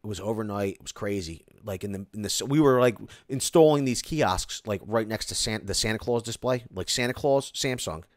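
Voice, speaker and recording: A man hosting a casual live stream, reading viewer comments aloud and ranting about them in an animated way. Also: lowish voice, a little fast, hardly any pauses, no room sound, studio quality.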